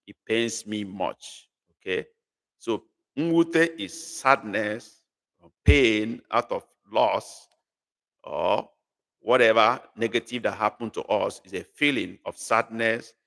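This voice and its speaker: A male tutor, speaking slowly and patiently as he repeats phrases and asks his students to guess the meaning. His mid-range voice carries a long, lingering reverb. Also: medium pitch, a bit bright. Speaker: language tutor. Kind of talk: live online class.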